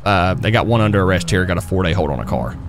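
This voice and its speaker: Fired-up fast-talking male streamer. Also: low-pitched, background noise. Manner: energetic, fired-up, slangy, talks to chat. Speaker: streamer playing a police officer. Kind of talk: live roleplay streaming.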